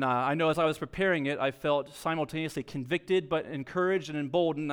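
A man's voice: fairly high pitch, a bit bright, clean tone. A young adult man, a pastor, preaching a sermon in a conversational, storytelling way with light self-deprecating humor.

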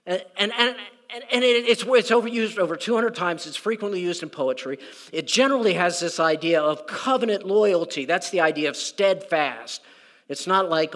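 Male pastor, high voice, casual sermon delivery, stumbles over repeated words, long church reverb. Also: lively intonation, moderate pace, a bit bright. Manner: conversational, repeats words, acts out quoted prayers. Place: church sanctuary. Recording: reverberant hall.

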